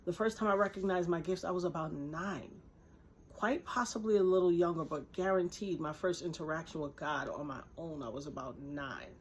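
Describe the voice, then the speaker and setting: This woman vlogger has a deep voice and a moderate pace, with a little hiss or hum on the recording. Indoors and facing the camera, she recounts a personal story earnestly and emphatically, performing the quoted voices.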